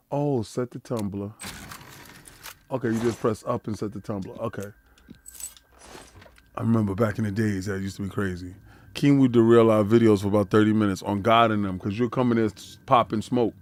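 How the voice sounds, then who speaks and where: A man's voice: lowish voice, moderate pace, pauses often, darkish tone, a little hiss or hum. A man streaming a video game, talking in a casual, slangy, joking way and laughing often. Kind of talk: casual gaming commentary.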